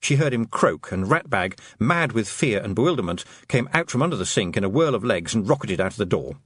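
A man narrating a story in an audiobook, expressive and lively. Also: lowish voice, a little fast, husky, no echo, studio quality.

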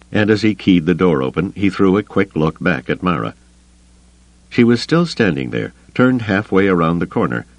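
Deep-voiced, expressive male narrator. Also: dry recording, low-quality recording. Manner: expressive, suspenseful. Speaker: audiobook narrator. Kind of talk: scripted narration.

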